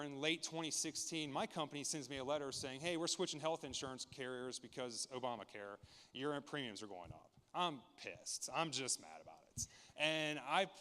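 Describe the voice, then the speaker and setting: A man's voice: a little high, moderate pace, a bit bright. A man in his thirties sharing a candid, earnest personal testimony with a church congregation, often restarting his sentences as he tells the story. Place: large church sanctuary. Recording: long reverb of a church hall.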